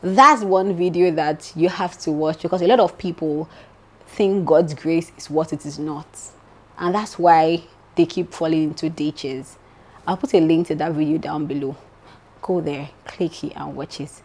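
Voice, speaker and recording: A woman's voice: sits low, normal speed. A young adult woman with a Nigerian accent, chatting in a casual gossip vlog and speaking straight to her viewers as "my darling". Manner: animated and chatty, addresses viewers directly as "my darling". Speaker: vlogger.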